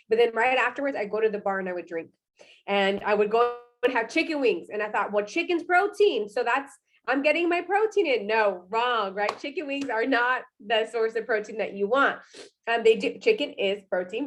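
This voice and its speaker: A young adult woman telling her personal success story in an energetic, chatty way, often asking "right?" and saying "y'all.". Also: a little high. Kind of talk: personal testimonial talk.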